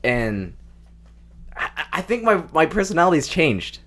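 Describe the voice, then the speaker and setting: A man's voice: a little high, very animated, measured pace, fairly bright tone. A young man co-hosting a casual podcast chat, stammering, restarting and laughing often, close to his microphone. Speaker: podcast co-host.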